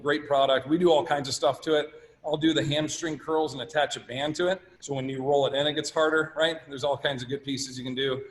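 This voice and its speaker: A man with a mid-range voice talks casually through a fitness workshop session and fields audience questions. A long reverb trails behind his words, as in a large hall. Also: medium pitch. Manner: casual, conversational. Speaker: presenter at a fitness summit. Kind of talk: live workshop talk and Q&A.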